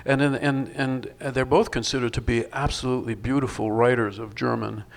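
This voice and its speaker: A man's voice: medium pitch, little pitch movement, fairly quick, creaky. An older male film director at a festival panel, answering in a thoughtful, wry way with many restarts.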